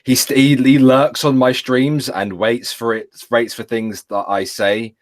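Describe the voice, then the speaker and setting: A man with an English accent hosting a casual streamed chat show, telling stories with lively swearing. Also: medium pitch, a little slow. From England. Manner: swearing, animated storytelling. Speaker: streamer host.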